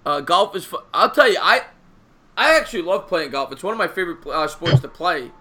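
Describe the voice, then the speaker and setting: A man's voice: sits high, animated, fairly quick, background noise. A man hosting a live stream, chatting casually in a rambling way with frequent laughs. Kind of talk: casual chat.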